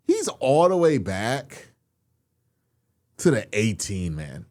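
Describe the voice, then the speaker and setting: A man talks his viewers through game tape in a loose, conversational way, and his pitch climbs and falls a lot as he gets frustrated. He speaks slowly and deliberately, drawing out his points. The sound is dry and close, with no room echo. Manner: animated, exasperated, swears, addresses viewers as y'all. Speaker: football film breakdown host. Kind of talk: casual film-review commentary.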